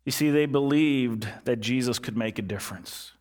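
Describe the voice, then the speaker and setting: Delivering an earnest sermon at a moderate pace, the pastor repeats his key lines and sinks into a soft, low voice to stress points.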